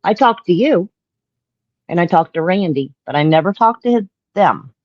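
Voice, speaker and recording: A woman from Florida with a Southern accent, talking frankly as a guest. Her voice sits on the low side for a woman. It comes through a dull, muffled line with a dry sound. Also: animated, normal speed, dry recording. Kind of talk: casual interview chat.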